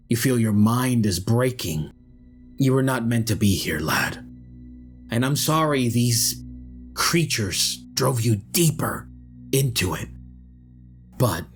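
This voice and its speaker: A soothing, menacing old villain who talks like a false father, played by a man. He coaxes slowly and evenly, his voice quietly sinister, over faint music. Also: fairly low pitch.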